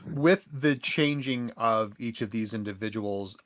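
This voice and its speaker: A male player with a lowish voice asks careful, probing questions at a tabletop game. He thinks out loud in measured phrases. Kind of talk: tabletop role-play.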